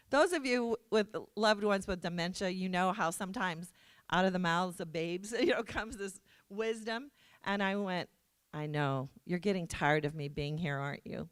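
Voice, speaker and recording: A woman's voice: lowish voice, dry recording. Middle-aged woman, keynote storyteller, dry close mic, anecdotal and self-deprecating. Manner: anecdotal, self-deprecating, acts out quoted dialogue. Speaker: keynote speaker. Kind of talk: storytelling speech. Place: conference hall.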